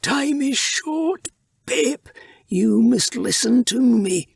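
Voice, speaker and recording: A man voicing an old, blind, dying male rat who speaks slowly, weak and breathless, with strained urgency. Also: very high-pitched, expressive, gravelly, husky, no room sound, studio quality, pitched above the performer's own voice, full character voice. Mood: urgent.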